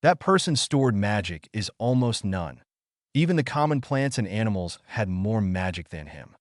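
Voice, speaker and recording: Male narrator for fan story reading; animated delivery, dry. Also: on the low side, moderate pace, no echo. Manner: storytelling, reads all parts.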